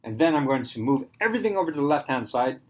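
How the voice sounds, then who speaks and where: A man's voice: medium pitch, very animated, fast talker. A man teaching a math class in a casual way, thinking aloud and checking in with his students.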